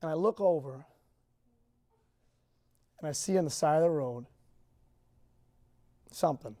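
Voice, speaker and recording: A man speaking to a group, telling a personal story in a rambling, halting, emotional way. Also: a little high, dark tone.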